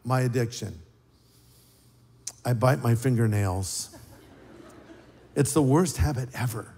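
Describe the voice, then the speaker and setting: A man preaching a sermon as pastor, in a conversational, joking way with big swings in pitch. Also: takes it slowly, mellow, a little hiss or hum. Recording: live sermon with long hall reverb.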